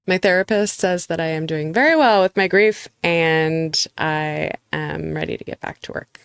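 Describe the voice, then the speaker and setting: Chatty woman with a low smooth voice. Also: dry recording. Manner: chatty, playful, dry humor. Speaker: real estate agent. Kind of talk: casual vlog to camera. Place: small office indoors.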